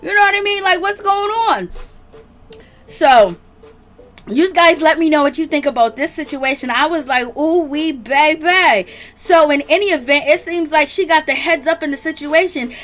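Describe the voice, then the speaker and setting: A woman hosting a casual livestream gossip show, drawling and animated, calling her viewers "baby". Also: sits high, normal speed, soft background music. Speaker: celebrity gossip host.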